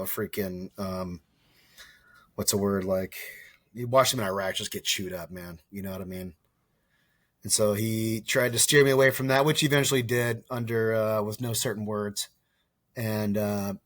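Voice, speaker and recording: A man's voice: on the low side, dry recording, clean studio sound. A man of about forty telling his story as a podcast guest. He rambles, keeps correcting himself and acts out the dialogue. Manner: casual and profane, acts out quoted dialogue. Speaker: podcast guest, former soldier and wildland firefighter. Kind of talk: casual storytelling interview.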